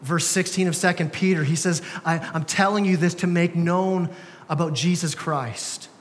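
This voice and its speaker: High-voiced young male pastor preaching. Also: steady tone, moderate pace, slight background noise. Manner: conversational, casual slang, frequent restarts. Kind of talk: sermon. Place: church sanctuary. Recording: church hall with long reverb.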